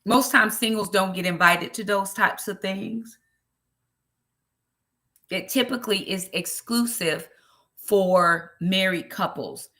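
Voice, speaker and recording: A woman's voice: medium pitch, takes it slowly, long pauses, bright, forceful tone. A woman with a Southern US accent hosting a ministry livestream, chatting casually and greeting viewers by name. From Brooklyn, New York.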